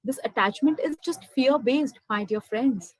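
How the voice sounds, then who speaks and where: A woman's voice: high-pitched, a little slow, no room sound, rough recording. A young woman with an Indian accent, earnestly telling a personal spiritual story and calling her listeners "my dear friends.". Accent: Indian English. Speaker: spiritual speaker. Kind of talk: motivational personal testimony.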